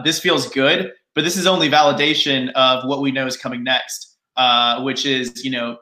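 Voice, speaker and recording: A man speaking as a guest, earnest and measured in a casual panel chat. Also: medium pitch, pushed and bright. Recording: roomy echo.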